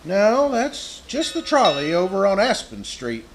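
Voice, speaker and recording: A man's voice: high-pitched, wildly swooping pitch, unhurried, loud music behind the voice, exaggerated voice. Man playing a patient, soothing dad. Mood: easygoing. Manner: soothing, gently dismissive. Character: mild, patient middle-aged father. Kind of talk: live old-time radio drama.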